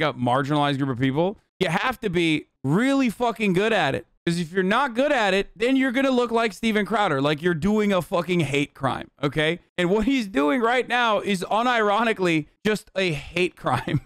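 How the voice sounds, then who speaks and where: A man's voice: high-pitched, fairly bright tone, clean tone, no echo, studio quality. A man hosting a livestream, giving loose, profane, chatty reaction commentary. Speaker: livestream host.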